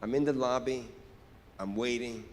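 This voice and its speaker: A man doing stand-up, telling a story in an animated, profane way and acting out scenes on stage. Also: medium pitch, normal speed, a little hiss or hum. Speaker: stand-up comedian. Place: stage in a large hall. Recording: echoey hall with reverb.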